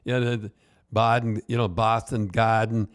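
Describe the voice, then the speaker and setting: A man's voice: fairly low pitch, little pitch movement, normal speed. An older man, a podcast host and retired hockey coach, telling casual stories in a rambling way with many restarts. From Canada. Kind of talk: casual storytelling.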